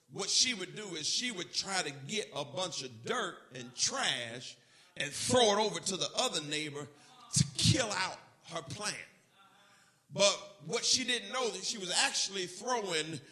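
Bright-voiced male preacher telling folksy stories. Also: sits high, very animated, unhurried. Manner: folksy storytelling preacher, speaks straight to the congregation. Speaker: pastor. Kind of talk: sermon. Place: church service.

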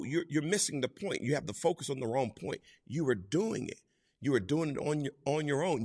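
A man's voice: mid-range voice, animated, fairly quick, darkish tone, husky, big-room sound. A man preaching a sermon in a conversational way, acting out quoted voices as he tells stories.

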